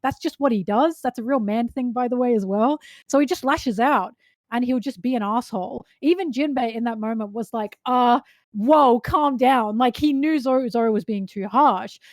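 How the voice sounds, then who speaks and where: A woman's voice: fairly high pitch, brisk, darkish tone, no echo, studio quality. A woman co-hosting a casual fan chat, talking animatedly and emphatically with frequent laughs. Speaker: podcast co-host.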